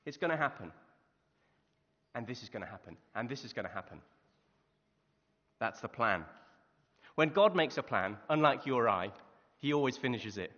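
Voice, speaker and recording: Man, preacher, sermon, lively questioning, animated pitch, long church reverb. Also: normal speed, long pauses. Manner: lively storytelling with rhetorical questions. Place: church hall. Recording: muffled reverberant hall recording.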